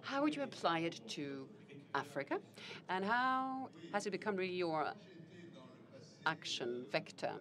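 A woman giving live spoken interpretation of a panel conversation, formal and measured, often pausing on fillers and correcting herself mid-phrase. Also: fairly low pitch, sing-song, fairly bright tone. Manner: halting, with fillers and self-corrections.

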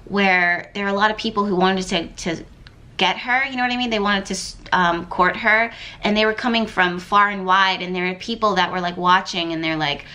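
A woman's voice: medium pitch, moderate pace, sharp tone. A woman giving a casual tarot reading to camera, thinking aloud and rambling with lots of fillers and repeated words. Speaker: tarot card reader.

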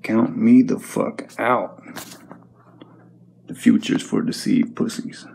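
Guy ranting at the camera, super gravelly creaky voice, slow and cussing, keeps repeating himself. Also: lowish voice, fairly even intonation, a little mellow, slight background noise. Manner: profane, confrontational, repetitive. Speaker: vlogger. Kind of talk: angry ranting monologue to camera.

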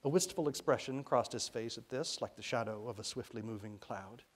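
A middle-aged man from Arkansas, an author reading his own children's novel aloud to an audience in expressive storytelling fashion. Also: medium pitch, a little fast, breathy edge. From Arkansas, USA. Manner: expressive storytelling, briefly voicing characters.

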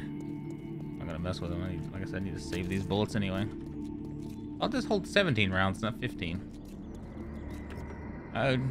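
A man giving casual gameplay commentary, excitable and profane, joking with the characters he meets. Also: on the low side. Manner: excitable, profane, jokey, talks to game characters. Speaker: gamer streamer. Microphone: studio microphone.

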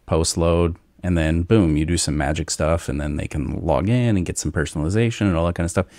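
Super deep gravelly dude hosting a podcast, jokey, bone dry mic. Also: male voice, a little mellow, dry recording. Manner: jokey, drawn-out slow phrases. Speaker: podcast co-host. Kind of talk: casual tech chat.

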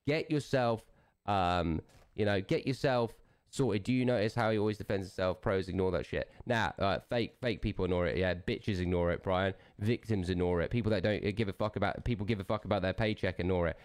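A man with a somewhat low voice rants at a viewer during a game stream. He is aggressive and profane and keeps firing off challenging "yeah?"s. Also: fairly quick, clean tone. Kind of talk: angry livestream rant.

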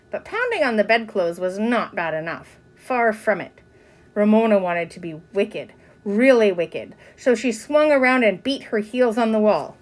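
A woman reading a children's chapter book aloud, with expressive narration. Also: medium pitch. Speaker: reader. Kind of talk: storybook narration.

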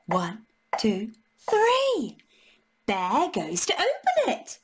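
A woman's voice: on the high side, wildly swooping pitch, drawn-out words, pauses often. A woman reading a picture book aloud to young children, playful and full of gasps and sing-song counting. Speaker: children's storyteller.

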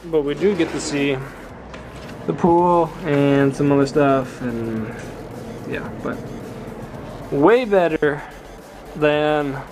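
A young man talking casually while driving, laid-back with dry jokes, then giving a hotel room tour. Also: on the high side. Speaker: vlog co-host, driver. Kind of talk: casual chat. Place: in a car on a road trip.

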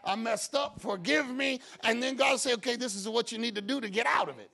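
Male pastor, bright and gravelly, sermon that builds to shouting. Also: very high-pitched, a little fast. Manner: builds from quiet talk to shouted preaching; acts out his own prayers and God's replies.

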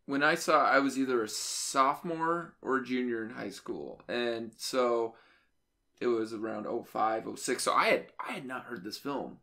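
A man's voice: medium pitch, normal speed, bright, forceful tone. Easygoing man in his late twenties. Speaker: podcast co-host. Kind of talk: casual chat.

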